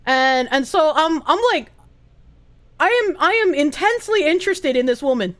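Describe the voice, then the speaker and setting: Woman streamer, very high voice, lively swings, giggly, swears a lot. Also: normal speed. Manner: giggly, swears freely, animated reactions. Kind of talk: casual stream reaction chat. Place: room with echo dampeners.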